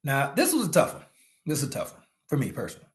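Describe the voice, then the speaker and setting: A man giving a motivational leadership talk to network marketers, animated and preachy, with slangy asides and sudden shouts. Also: medium pitch, fast.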